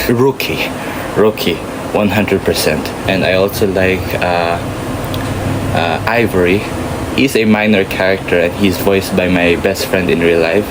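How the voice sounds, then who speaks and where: Excitable low-voiced male voice actor. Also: poor audio. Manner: excitable, enthusiastic, with fillers. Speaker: voice actor guest. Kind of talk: casual interview.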